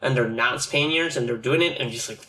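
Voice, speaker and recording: A man's voice: mid-range voice, a little fast, pushed and bright, reverberant. A man in casual, profane conversation, rambling with lots of fillers. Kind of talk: casual chat.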